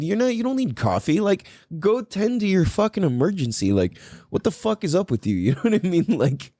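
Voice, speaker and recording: A man hosting a podcast, telling a story in a casual, profane and animated way. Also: sits high, fairly quick, no room sound, studio quality. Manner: animated, profane, laughing often. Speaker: podcast host.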